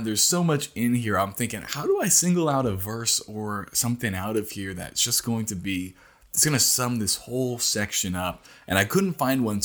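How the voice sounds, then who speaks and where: A middle-aged man hosting a casual morning devotional, teaching through scripture in an earnest way that speeds up and slows down. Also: on the low side. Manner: earnest, speeds up and slows down, rises when acting out a cry.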